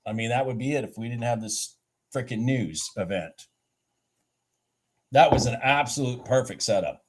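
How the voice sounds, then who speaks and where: A man at his trading desk talking through a live stream, excitable and quick to restart his sentences. His pitch sits in an ordinary middle range for a man, and he sounds a little out of breath. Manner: excitable, thinks aloud with many restarts. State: a bit out of breath. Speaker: livestream day trader. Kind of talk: casual live trading commentary.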